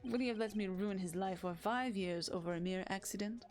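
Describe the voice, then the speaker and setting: A woman's voice: mid-range voice, brisk, a little mellow, faint music behind, lightly acted. A woman voicing a cold, aloof female film director, reading in a put-on foreign accent that keeps drifting. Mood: haughty.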